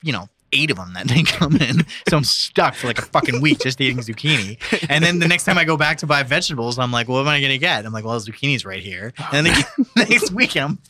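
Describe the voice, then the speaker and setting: Lively, profane young man chatting. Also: on the high side, fast talker, few pauses, a little hiss or hum. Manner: profane, rambling, laughs often. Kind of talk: casual chat.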